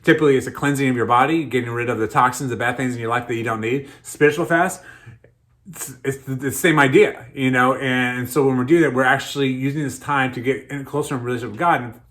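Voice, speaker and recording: A man's voice: mid-range voice, fast talker, a bit bright. A man in his thirties preaching a sermon in a conversational way, often repeating words as he starts his sentences. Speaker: pastor.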